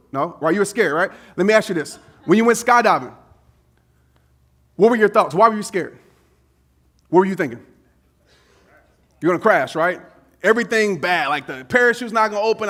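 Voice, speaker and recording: A man giving a motivational speech to a live audience, telling a personal story in an animated, casual way with slang. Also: sits high. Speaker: motivational speaker.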